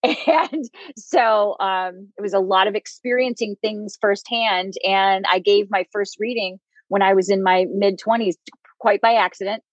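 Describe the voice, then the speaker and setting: Interview guest: woman, 50s, candid storyteller, frequent laughter, middle pitch, dry lo-fi recording. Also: unhurried, no echo. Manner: candid, laughs often while telling stories. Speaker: guest psychic medium.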